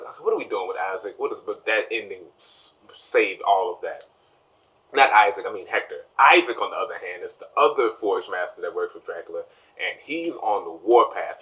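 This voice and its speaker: A man with a lowish voice, recorded from far off with the highs rolled off, gives a casual, spoiler-filled review of a TV show. He rambles through the plot and acts out the characters' lines in quick voices.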